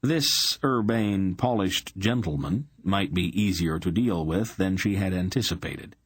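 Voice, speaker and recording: A man narrating an audiobook with a measured, expressive reading. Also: low-pitched, breathy edge, dry recording. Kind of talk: scripted narration.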